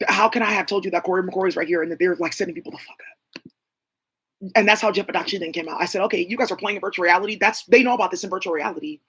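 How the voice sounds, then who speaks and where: Fast-talking husky woman rambling. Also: mid-range voice, a bit bright. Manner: rambling, profane, jumping between names and claims. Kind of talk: casual rambling monologue.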